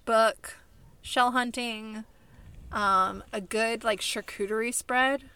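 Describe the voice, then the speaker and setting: A woman's voice: on the high side, fairly even intonation, slow pace, pushed and bright, clean tone. A young woman from California co-hosting a podcast, chatting casually with lots of fillers and laughs. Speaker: podcast co-host. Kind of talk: casual chat.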